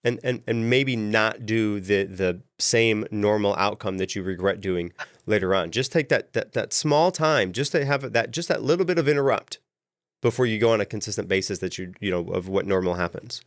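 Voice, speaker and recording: A man co-hosting a casual talk, giving calm coaching advice and often repeating words as he thinks. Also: lowish voice, moderate pace, no echo, studio quality. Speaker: podcast co-host. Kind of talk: casual chat.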